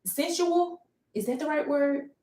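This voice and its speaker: Reflective woman with a low voice. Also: moderate pace. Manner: reflective, searching for words, many fillers and restarts. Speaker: painter livestreaming. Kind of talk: personal storytelling on a livestream. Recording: roomy echo.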